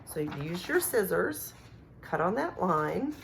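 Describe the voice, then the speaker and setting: Slow, clear woman teaching phonics. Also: lowish voice, sing-song, a little hiss or hum. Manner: slow, clear, encouraging teacher talk with sound-outs. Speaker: kindergarten teacher. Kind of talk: remote phonics lesson for young children.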